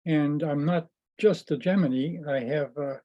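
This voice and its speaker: A man's voice: on the high side, moderate pace, dull audio. A man calling in to a show, giving brief, agreeable answers. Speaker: caller. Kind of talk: casual phone-in reply.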